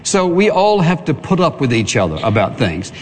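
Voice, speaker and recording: A man's voice: fairly high pitch, big pitch swings, moderate pace, a little hiss or hum. Man, pastor, earnest sermon, long hall reverb, church sanctuary. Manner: earnest preaching with call for amen.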